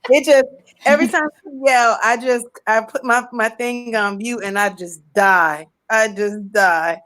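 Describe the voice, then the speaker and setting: A woman co-hosting a casual online group chat, talking freely and laughing easily, quick to agree and share her annoyance. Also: a little high, steady tone, fairly bright tone, rough recording.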